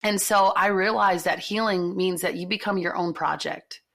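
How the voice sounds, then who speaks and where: A woman's voice: lowish voice, steady tone, moderate pace, creaky, a bit bright. A woman telling a personal story on a podcast, in an earnest, emphatic way with repeated phrases.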